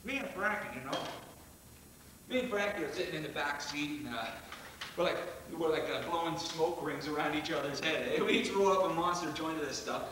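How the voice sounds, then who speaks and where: A man's voice: fairly high pitch, brisk, background noise, natural voice. A male actor on stage playing a rowdy young stoner in a monologue, rambling and crude, laughing and saying "man" a lot. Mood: crude bragging. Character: rowdy young male stoner bragging about a wild ride. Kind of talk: theatrical monologue. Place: theatre stage. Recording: echoey stage from far off.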